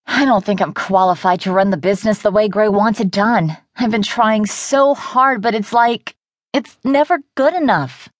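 A woman's voice: medium pitch, moderate pace, no echo, lightly acted. A woman voicing a hurt, defensive young actress. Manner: emotional, defensive. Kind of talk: first-person audiobook character voice.

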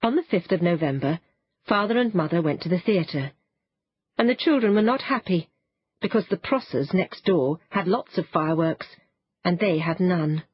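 A woman narrating a children's storybook in an expressive, animated way. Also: fairly low pitch, normal speed, slightly rough, muffled recording. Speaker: audiobook narrator.

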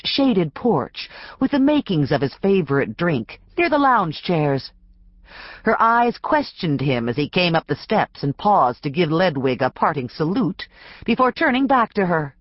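A woman narrating a mystery audiobook in a measured, expressive storytelling style. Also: lowish voice, no room sound, highs cut off.

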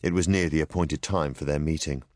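Male audiobook narrator, very deep voice, dry studio sound, smooth even reading. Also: fairly quick, no echo. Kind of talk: scripted narration.

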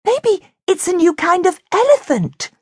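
A woman's voice: very high voice, very animated, measured pace, no room sound, clean studio sound, voice pushed up, exaggerated voice. Lady doing a lil cheeky girl penguin, teasing, sometimes whispery. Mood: hushed. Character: cheeky small female fairy penguin.

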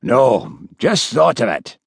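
A man's voice: medium pitch, wildly swooping pitch, slow, gravelly, husky, no room sound, clean studio sound, voice pushed up, heavily acted. A man voicing a coarse, scheming middle-aged male detective who talks bluntly and crudely. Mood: gruff.

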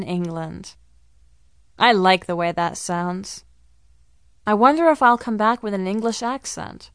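A woman's voice: mid-range voice, clear, resonant tone, no room sound. A woman narrating a first-person children's audiobook in an eager, storytelling manner. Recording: dry studio recording.

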